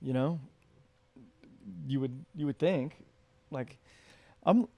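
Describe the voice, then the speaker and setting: A man's voice: mid-range voice, slow pace, mellow, no room sound. A man co-hosting a podcast, talking loosely with many fillers and restarts. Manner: rambling, filler-heavy, restarts often. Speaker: podcast co-host. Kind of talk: casual chat.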